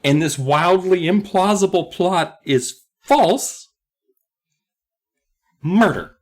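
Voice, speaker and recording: A man's voice: high voice, slow pace. A man co-hosting a comedy podcast, recapping a book in a sarcastic, profane way. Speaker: podcast co-host.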